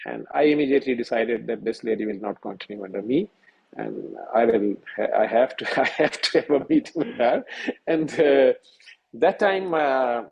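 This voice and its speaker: Gravelly-voiced man telling a story. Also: medium pitch, expressive, a little mellow, muffled recording. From Pakistan. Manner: halting, many fillers and restarts, earnest. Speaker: senior physician. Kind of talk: telling a personal story in a webinar. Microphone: video call.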